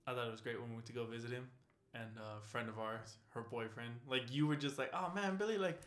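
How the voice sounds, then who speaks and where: A young man chatting casually with a friend, telling stories with lively quoted voices. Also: fast talker, reverberant. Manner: animated storyteller, jumps to loud high impressions. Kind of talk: casual chat among friends.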